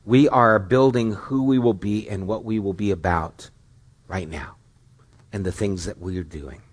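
A man's voice: lowish voice, measured pace, breathy edge. A middle-aged man preaching a sermon as pastor, earnest and questioning, with rising emphatic stretches.

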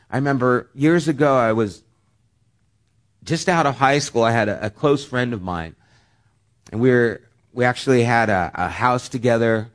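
A middle-aged man preaching a sermon, earnest, rising to loud emphasis and dropping to hushed near-whispers. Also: mid-range voice, moderate pace. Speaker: pastor.

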